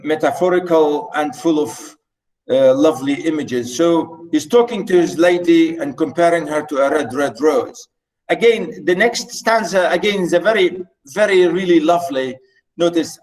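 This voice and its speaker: A man with a slightly high voice teaches a poetry lesson over a video call. He explains in a casual way, slows right down to read lines of verse, and jokes with his students. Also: low-quality recording. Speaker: English literature lecturer. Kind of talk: online class lecture.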